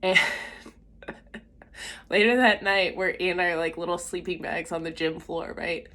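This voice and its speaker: A woman's voice: on the low side, fairly even intonation, unhurried, a bit bright. A young woman telling a personal faith story in a casual, chatty way, with lots of fillers and acted-out quotes. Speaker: vlogger sharing a faith story.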